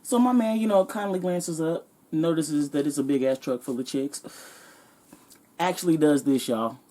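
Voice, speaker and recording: A woman vlogger telling a comedic story in a sassy, animated, profane way. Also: low-pitched, normal speed.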